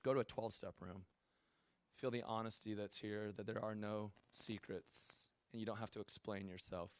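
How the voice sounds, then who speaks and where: A man's voice: on the low side, fairly even intonation, normal speed, smooth, no room sound. A male pastor giving a casual, joking sermon and asking his audience questions. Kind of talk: conversational sermon.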